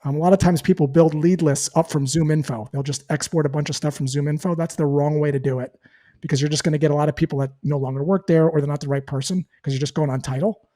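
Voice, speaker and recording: A man's voice: a little high, fairly even intonation, quick pace, warm tone. A man who works as a sales trainer, answering interview questions in a teaching tone and acting out sample call lines. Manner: explains with acted-out call examples.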